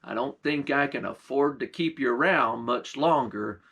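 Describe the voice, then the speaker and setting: A man's voice: medium pitch, normal speed, gravelly, fairly bright tone, breathy edge, voice pushed down. A man voicing a weary, fed-up old farmer in a spoken folk tale, folksy, dry and resigned.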